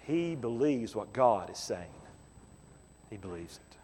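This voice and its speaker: A male pastor preaching a sermon, repeating phrases and building to shouts. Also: fairly low pitch, sing-song, measured pace, big-room sound, background noise.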